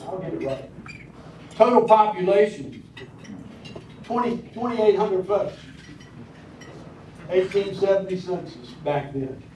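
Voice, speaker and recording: An older man with a Southern American drawl delivers a folksy speech, pausing often with ums and uhs. His voice sits a little high for a man. It rings through a large, echoey hall from some distance off, with faint clinking of cutlery behind him. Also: animated, dark tone, slight background noise. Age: 60s. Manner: folksy and personal, with hesitant fillers. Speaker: county commissioner speaking at a public event. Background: clinking cutlery and dishes.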